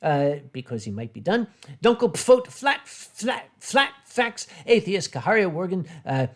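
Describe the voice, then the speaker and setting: A man hosting a casual drinking livestream, talking in a blunt, brash and animated way. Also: sits high, a little slow. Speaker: livestream host. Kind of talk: casual drinking-stream chat.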